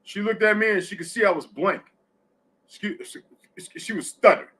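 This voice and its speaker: A middle-aged man with a high, bright voice hosts a casual live audio discussion. He talks bluntly and curses freely, telling stories in a plain, direct way. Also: normal speed, husky. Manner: blunt, profane storytelling. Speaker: host.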